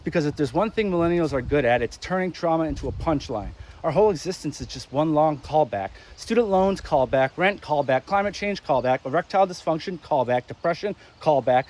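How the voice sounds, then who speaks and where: A young man delivering a crude, sarcastic comedic rant, exasperated and animated, with sudden loud spikes. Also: a little high, a little fast, few pauses. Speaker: ranting commentator.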